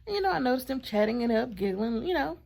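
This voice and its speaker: Creaky-voiced woman telling a story. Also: fairly high pitch, fast. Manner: chatty, animated storytelling with asides to her partner. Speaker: vlogger. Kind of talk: casual storytime vlog.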